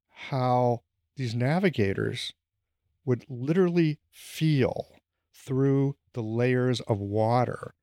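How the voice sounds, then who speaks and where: A middle-aged man hosting a casual conversation, telling stories in an animated way. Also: mid-range voice, no echo, studio quality. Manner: animated storytelling.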